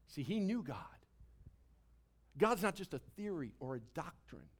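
A male pastor preaching a sermon, swinging from soft asides to loud emphasis. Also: fairly high pitch, sing-song, normal speed, pauses often.

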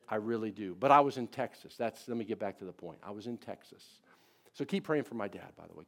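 A middle-aged male pastor preaching a sermon, swinging between loud emphatic declarations and soft, quiet personal asides. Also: mid-range voice.

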